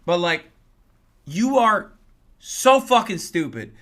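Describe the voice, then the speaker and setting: High, bright-voiced man ranting angrily. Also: very animated, takes it slowly. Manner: angry, profane, sarcastic ranting; mocks critics in exaggerated voices. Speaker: political commentator and Twitch streamer. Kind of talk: livestream rant.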